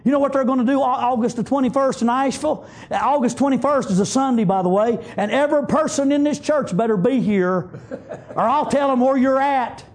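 Man, very high voice, fiery pulpit preacher, shouts his points. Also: brisk. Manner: emphatic, shouting refrains, frequent amens. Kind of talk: fiery sermon. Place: church sanctuary.

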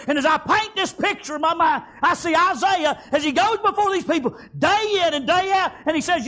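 A man delivers a fervent revival sermon in a very high voice, often shouting and dropping in "amen" and "praise God." He speaks briskly with few pauses.

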